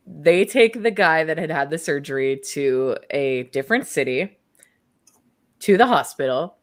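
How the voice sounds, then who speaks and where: Young female podcast co-host, lowish voice, slow unhurried delivery, casual storyteller who acts out the quotes. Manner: storytelling with acted-out quotes and laughter. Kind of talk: casual true crime chat.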